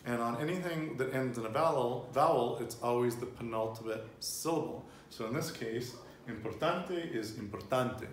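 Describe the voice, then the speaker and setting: A man's voice: medium pitch, normal speed, hardly any pauses. Casual male teacher, 30s, chatty and rambling, roomy home recording with light background hum. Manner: chatty, loose, laughs easily, restarts and digresses. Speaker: Spanish teacher. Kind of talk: casual language lesson.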